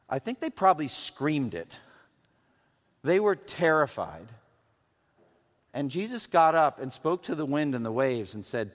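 A man's voice: medium pitch, animated, measured pace, pauses often. Preaching man in a reverberant hall. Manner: earnest preaching, rising for emphasis, dropping to hushed tones. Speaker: pastor. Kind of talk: sermon.

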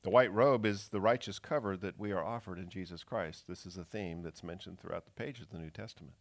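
A man's voice: sits low, a little fast. A man preaching a sermon, reading scripture and acting out its pleading questions with strong expression. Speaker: pastor.

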